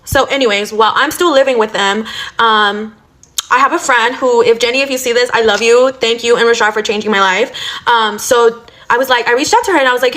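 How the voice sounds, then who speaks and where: A woman's voice: fairly high pitch, a little fast, a bit bright. A young woman telling a casual storytime rant, blunt and profane, full of fillers like "like" and "you know". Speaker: storytime vlogger.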